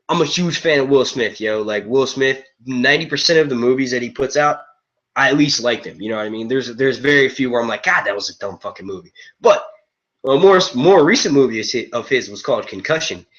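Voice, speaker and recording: A man's voice: medium pitch, a bit bright. A man hosting a live review stream, rambling casually to his chat and swearing freely, on dull lo-fi stream audio. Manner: rambling, profane, casual, says "yo" a lot. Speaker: host of a movie and TV review stream.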